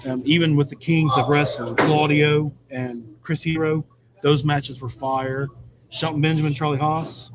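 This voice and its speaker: A man's voice: on the high side, steady tone, a little slow, heavy background noise. A man chatting casually and enthusiastically about wrestling, rambling a little as he talks. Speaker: wrestling fan guest. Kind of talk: casual chat. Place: busy pizzeria. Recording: crowd chatter behind.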